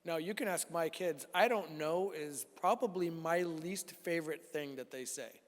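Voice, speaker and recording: A man in his forties giving an animated sermon testimony to a youth group in a church hall, acting out the dialogue as he tells it. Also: fairly high pitch, normal speed. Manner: animated storytelling, acts out dialogue. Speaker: youth speaker. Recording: long reverb of a church hall.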